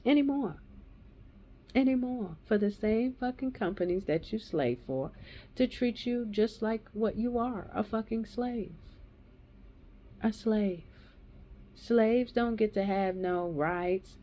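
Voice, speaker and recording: A woman in her thirties or forties delivers a raw, heated monologue full of cursing. Her voice is dark and mellow. The recording is dull and lo-fi. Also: mid-range voice, slow pace. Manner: heated, profane ranting. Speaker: woman giving a personal testimony.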